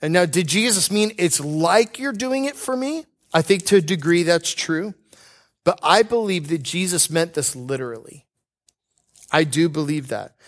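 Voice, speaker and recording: A man preaching a conversational sermon, telling personal stories with earnestness and light humor, slowing down to stress key points. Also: a little high, lively intonation. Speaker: pastor.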